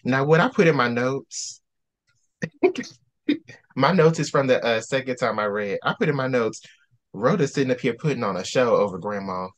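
A man talks through a book in casual chat, a mid-pitched voice at an easy middle. He gets animated and launches into rants with a preacherly edge. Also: moderate pace. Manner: animated, ranting, preacherly outbursts. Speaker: book discussion host.

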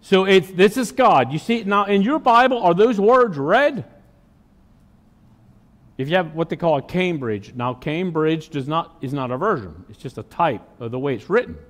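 A man's voice: a little high, animated, normal speed, in a large hall. A man preaching a sermon to a congregation, emphatic and folksy, often putting questions to the listeners. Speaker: pastor.

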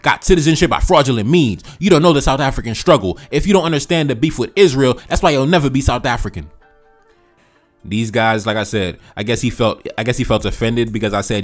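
Hosting a reaction video over soft background music, an American man talks fast with lively intonation at a medium pitch. He fires off passionate commentary on viewer comments in street slang, repeating phrases for emphasis.

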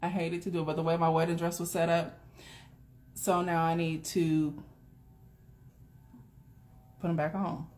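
A woman's voice: on the low side, level tone, measured pace, pauses often, darkish tone. A woman hosting a casual live stream, talking bluntly to her viewers with plenty of swearing and frequent laughter. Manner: blunt, profane, laughs often; chatty, talks straight to viewers. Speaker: doula and live stream host.

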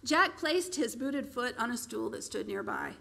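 A woman's voice: a little high, measured pace, gravelly. Woman author reading her novel aloud. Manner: steady, expressive storytelling. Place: public library.

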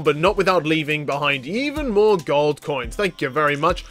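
A man commentating on a let's play in a chatty, excitable way, laughing often. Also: a little high, normal speed, few pauses, faint music behind. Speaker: gaming video host.

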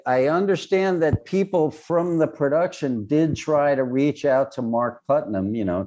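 A man, a screenwriter and director, answering interview questions in a thoughtful, reflective way, often pausing with "you know". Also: mid-range voice, mellow, rough recording.

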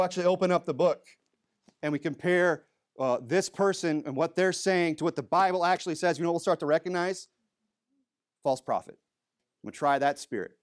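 A man preaching a sermon in a church, emphatic, asking rhetorical questions and dropping low to stress a point.

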